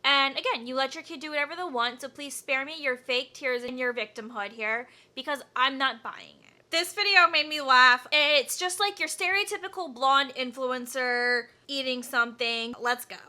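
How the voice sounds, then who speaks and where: A woman's voice: high voice, moderate pace, hardly any pauses, sharp tone. A young woman giving blunt, profane, exasperated commentary while reacting to online videos.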